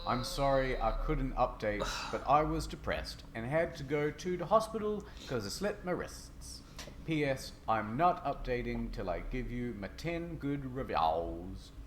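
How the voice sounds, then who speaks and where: A man narrating a comedic dramatic reading in a deadpan, mock-serious way. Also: mid-range voice, a little slow, slight background noise.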